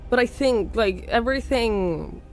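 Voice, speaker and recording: Hoarse Norwegian woman streamer chatting. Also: on the high side, animated, unhurried, faint music behind. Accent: slight Norwegian. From Norway. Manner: chatty, thanks viewers by name, coughs now and then. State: hoarse, sick with a sore throat. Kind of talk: casual live-stream chat.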